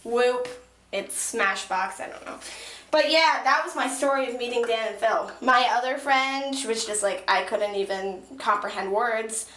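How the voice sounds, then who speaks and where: A teenage girl vlogging in an excitable, gushing way, swearing casually while she tells a story and does her makeup. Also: on the high side, a little slow. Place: small echoey room at a mirror. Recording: echoey room.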